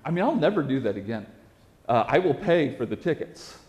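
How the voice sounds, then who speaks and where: A man preaching in a storytelling style, animated and self-mocking, often repeating words for effect. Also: mid-range voice, brisk. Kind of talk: storytelling sermon.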